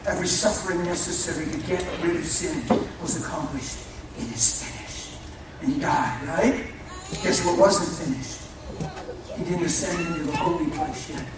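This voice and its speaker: A man preaching a fervent sermon, swinging from shouts to hushed intensity and speaking folksily to his listeners. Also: on the high side. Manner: folksy, addresses listeners as "brother". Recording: echoey hall, mic far off, faint noise.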